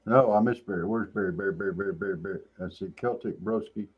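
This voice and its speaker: A man's voice: low voice, fast, husky, muffled recording. A man hosting a morning show, chatting casually in a teasing way and laughing often. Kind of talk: casual joking chat.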